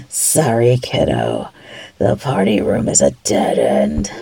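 A woman's voice: a bass voice, wildly swooping pitch, slow pace, vocal fry, mellow, husky, full character voice. A woman voicing a cocky, mean female bunny villain who taunts and swears in an audio role-play. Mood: taunting. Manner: taunting, mocking, swears a lot.

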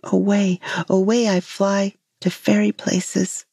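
A woman voicing a gentle female moon fairy who speaks in a pleading, lyrical way in a storybook tale. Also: mid-range voice, flat delivery, slow pace, creaky, breathy edge, no room sound, clean studio sound, exaggerated voice. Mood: chanting.

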